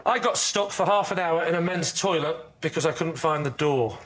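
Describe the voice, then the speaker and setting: A man on a comedy panel show who tells his story with deadpan, short answers. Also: on the high side, moderate pace, a little hiss or hum.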